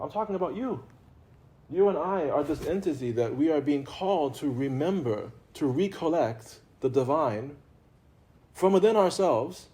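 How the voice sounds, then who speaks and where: Mellow-voiced man giving spiritual talk. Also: on the high side, expressive, normal speed. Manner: conversational and playful, laughs often, repeats himself. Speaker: religious teacher. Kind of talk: informal spiritual talk to a live audience.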